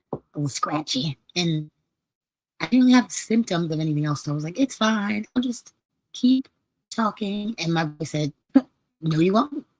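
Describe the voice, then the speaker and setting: A woman hosting a live podcast stream, her voice a little hoarse as she recovers from losing it, chatting casually and playfully with listeners. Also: sits low, darkish tone, no echo, rough recording. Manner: chatty, laughing, storytelling with playful quoted asides. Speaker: podcast host.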